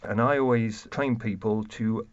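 Low-voiced man explaining research. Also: steady tone, dull audio. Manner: measured, explanatory, with fillers and restarts. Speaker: deception researcher guest. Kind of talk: expert explanation.

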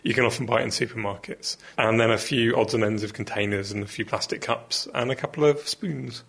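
A man's voice: mid-range voice, fairly even intonation, brisk, vocal fry, a bit bright, breathy edge. A man presenting a kitchen science experiment and giving practical step-by-step instructions. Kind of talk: explaining an experiment.

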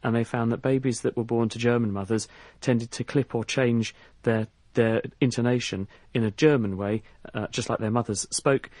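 A man's voice: medium pitch, fairly even intonation, normal speed, a little mellow, dry recording, studio quality. A man answering listener questions on a call-in radio show, a fluent and enthusiastic explainer.

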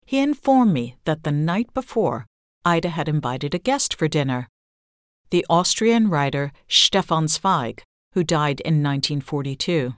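A woman reading a long-form essay aloud as scripted narration, in a measured, even-toned way. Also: low voice, no room sound, clean studio sound.

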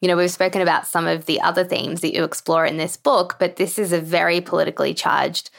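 A woman's voice: on the low side, steady tone, fast talker, gravelly. A woman hosting an interview, asking thoughtful, loosely phrased questions. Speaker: interview host. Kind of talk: conversational interview.

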